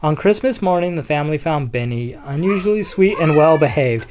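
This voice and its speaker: A storyteller reading a children's picture book aloud in a steady, expressive way. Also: mid-range voice, brisk, slight background noise.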